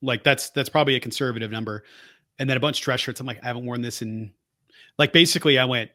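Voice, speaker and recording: Bright-voiced man chatting casually. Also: medium pitch, racing, no echo, clean studio sound. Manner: rambling storyteller, self-correcting. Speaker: podcast co-host. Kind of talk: casual chat.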